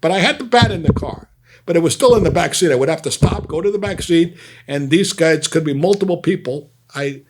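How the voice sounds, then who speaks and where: A man's voice: fairly high pitch, expressive, fairly quick, slight background noise. A man, telling stories bluntly and profanely in a casual, rambling way. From Brooklyn, New York. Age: 60s. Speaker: host. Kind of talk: casual storytelling.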